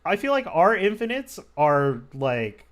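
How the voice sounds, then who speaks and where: A man's voice: high voice, sing-song, unhurried, faint music behind. A man commentating on a card game match, talking casually and rambling through stories with lots of filler words. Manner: rambling, filler-heavy storytelling.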